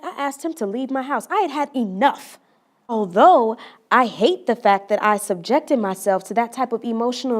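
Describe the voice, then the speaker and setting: A woman's voice: fairly high pitch, close to an everyday voice. A woman performing a dramatic monologue as a young woman who tells, earnestly and confidingly, how a relationship hurt her. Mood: resolute. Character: young woman recounting a hurtful relationship, wounded but resolute.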